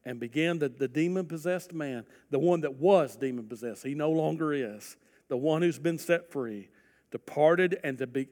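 A man preaching a sermon, his voice rising loud for emphasis and sinking to soft, earnest appeals. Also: a little high, moderate pace. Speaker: pastor. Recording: long hall reverb.

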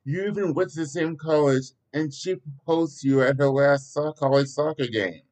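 An eager young boy's voice, pitched well up, as a man reading a story puts him on. He is earnest and full of questions. The reading is homemade and plain. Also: moderate pace, a little mellow, close to an everyday voice.

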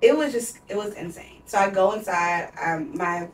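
A podcast co-host in her twenties talks at normal speed in a mid-range voice. She shares a personal story in a candid, emotional way, peppering it heavily with "like." The sound is roomy, captured distant from the mic.

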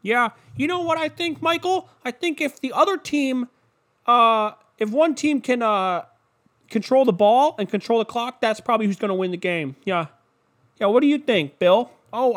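A man doing a mock TV football pundit who rambles slowly through clichés with many fillers. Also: sits high, pitched above the performer's own voice, lightly acted. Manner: slow, halting, filler-heavy.

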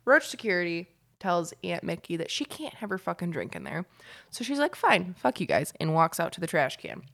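Young woman co-host, gravelly voice, lively pitch, profane storyteller in casual chat. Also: fairly quick. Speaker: podcast co-host.

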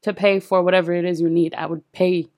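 A young woman chatting with friends in an earnest, low-key way. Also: flat delivery, fast talker, a little mellow, no echo, clean studio sound. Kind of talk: casual chat among friends.

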